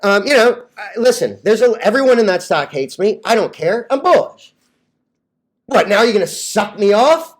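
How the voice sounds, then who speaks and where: A young man talks in a cocky, brash vlog rant about trading. His voice sits high for a man. He jokes loosely and laughs at his own lines. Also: animated, brisk, few pauses. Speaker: stock vlogger.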